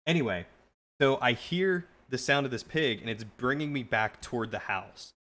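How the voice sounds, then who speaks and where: Guy streamer rambling thru a story to chat, lively, lots of "like". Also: mid-range voice, normal speed. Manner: animated, rambling, with frequent restarts and "like". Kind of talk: casual storytelling on a live stream.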